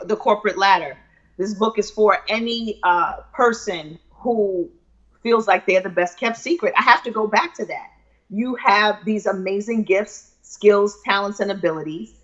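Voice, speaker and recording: A woman author answering interview questions with confident, persuasive energy, like a keynote speaker. Her audio sounds a little dull and lo-fi. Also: medium pitch. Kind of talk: live video interview.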